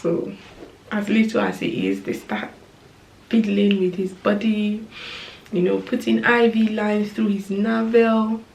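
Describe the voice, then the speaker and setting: Female vlogger, slow, emotional storytelling, roomy sound. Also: medium pitch, expressive, vocal fry, slight background noise. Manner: emotional, slow, drops to soft whispers. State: tearful. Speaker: vlogger, new mother. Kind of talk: storytime vlog.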